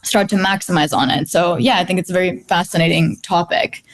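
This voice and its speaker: A woman's voice: lowish voice, fairly quick. A woman on a panel discussion sharing her views in a conversational way, with frequent fillers. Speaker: panelist from a music software company.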